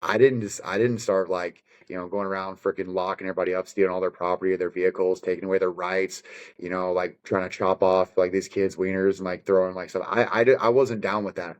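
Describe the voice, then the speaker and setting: A man's voice: low-pitched, flat delivery, a little fast. A man, a fighter guest on a podcast, talking in a rambling, profane and fired-up way in casual conversation. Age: adult with children.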